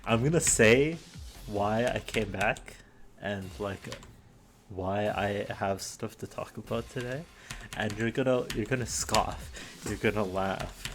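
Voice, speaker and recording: A man's voice: fairly low pitch, slow pace, a little hiss or hum. A young man hosting his own show in a casual solo monologue, rambling and self-deprecating with many restarts, a little out of breath. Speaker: host.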